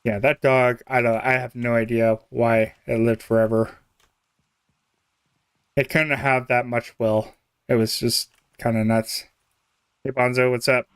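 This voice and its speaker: A man's voice: mid-range voice, flat delivery, unhurried, pauses often, smooth, no room sound, clean studio sound. A young man chatting casually on a game live stream, rambling, chuckling often and trailing off mid-thought. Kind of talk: casual live-stream chat while playing.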